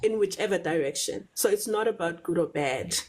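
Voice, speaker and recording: A woman's voice: fairly low pitch, expressive, slight background noise, rough recording. South African woman explaining things patiently. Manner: measured, repeats words while finding phrasing, checks in with "right?". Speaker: guest on a live talk show. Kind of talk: explanatory conversational talk.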